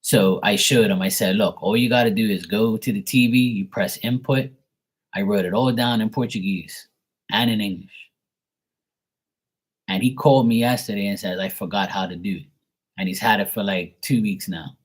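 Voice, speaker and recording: A man's voice: on the low side, moderate pace, slightly rough. A middle-aged man venting in a casual monologue, exasperated, swearing and filling with "like". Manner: exasperated rant with frequent swearing and fillers. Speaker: tarot reader.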